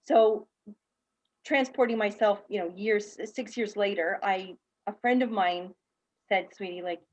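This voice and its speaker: A woman's voice: mid-range voice, measured pace, muffled recording. A woman on a video call, telling her personal story candidly and acting out the people in it, as a guest speaker and teacher. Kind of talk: personal story told in a panel talk.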